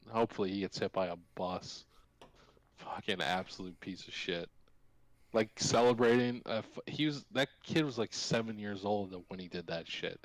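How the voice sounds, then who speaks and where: A man's voice: on the low side, no room sound, rough recording. A man co-hosting a casual sports betting podcast, ranting with heavy profanity. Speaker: podcast co-host.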